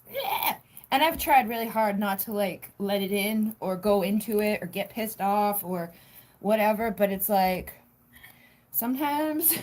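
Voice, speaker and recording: A woman's voice: medium pitch, background noise. A young woman hosting a tarot livestream from home, chatting casually, giggling often and swearing freely. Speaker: tarot reader livestream host. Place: home, indoors.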